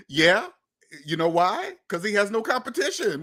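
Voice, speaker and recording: Sitting high and fairly bright, this man's voice stays animated at a moderate pace. He runs a finance channel, delivering casual commentary directly to viewers with heavy emphasis, repeated points, and the occasional curse.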